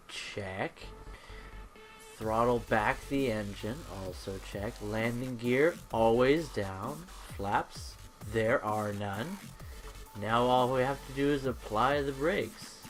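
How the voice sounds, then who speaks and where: A man giving playful live commentary while flying a plane in a game, making gun sound effects. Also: medium pitch. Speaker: gamer. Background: faint electronic music.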